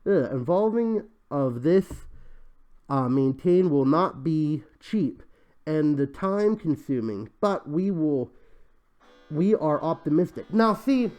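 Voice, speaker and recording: A man's voice: on the high side, expressive, takes it slowly, darkish tone. A young man hosting his own commentary show, talking casually and sarcastically, exasperated, with frequent sighs and restarts. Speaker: show host. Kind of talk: commentary on crowdfunding pitches.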